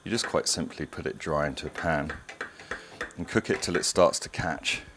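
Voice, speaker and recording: Chatty deep-voiced man cooking. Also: moderate pace, noisy background. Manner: chatty, digressive, enthusiastic. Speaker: cooking show host. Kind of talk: casual cooking demonstration. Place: home kitchen.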